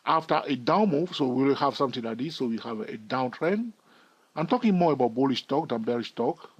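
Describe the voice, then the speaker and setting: A man's voice: medium pitch, breathy edge. A man giving a screen-recorded chart tutorial in a chatty way, thinking aloud and asking his viewers questions. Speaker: trading educator.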